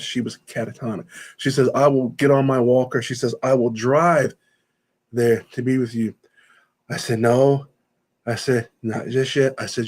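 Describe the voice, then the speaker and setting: Male interview guest, mid-pitched, emotional storyteller who retells dialogue and repeats himself. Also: darkish tone. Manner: retells conversations in quoted speech, often repeating himself. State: choked up at times.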